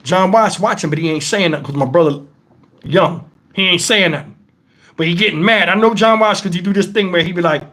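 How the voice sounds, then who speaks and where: A man hosting his channel, telling profane stories to viewers in a casual, animated way and breaking into laughter. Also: high voice. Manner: talks straight to the audience with questions. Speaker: channel host telling stories to a live chat.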